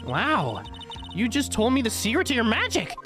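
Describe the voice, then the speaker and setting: A man voicing an excitable young woman sidekick in a game, eager and breathless. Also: very high voice, moderate pace, over music, pitched above the performer's own voice, heavily acted.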